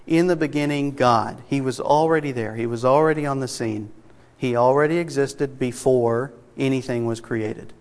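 A man preaching an expository sermon, reading scripture aloud and stressing single words with emphasis. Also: mid-range voice. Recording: long reverb of a large hall.

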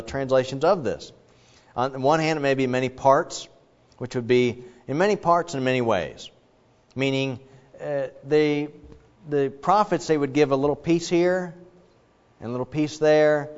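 Guy pastor teaching bible stuff in a sermon, kinda muffled, lots of hall reverb. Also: medium pitch. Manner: conversational and explanatory, with frequent fillers and restarts. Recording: dull sound, long hall reverb.

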